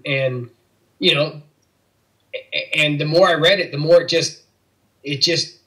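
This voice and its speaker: A middle-aged Missouri man, appearing as an interview guest, earnestly shares a personal faith testimony and acts out the voices of the people in it. His voice is fairly high and a bit bright, on a rough recording.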